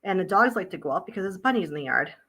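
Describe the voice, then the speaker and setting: A woman's voice: on the low side, lively intonation, very fast, fairly bright tone, slightly rough, poor audio. Blunt, breathless woman chatting on a live stream. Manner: blunt, swears freely, chats to viewers and dogs. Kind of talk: casual live-stream chat. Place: home, indoors.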